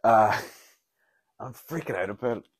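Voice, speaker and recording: A man's voice: on the low side, a little slow, breathy edge, no echo. A Northern Irish comedian in his forties, rambling candidly and sweary through a solo podcast monologue, self-deprecating and frank. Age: 40s.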